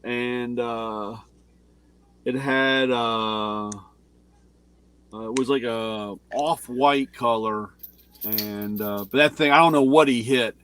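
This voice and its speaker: A man's voice: medium pitch, steady tone, takes it slowly, long pauses, a bit bright, slight background noise. A man co-hosting a casual chat, rambling and hesitant, with many fillers. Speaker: co-host.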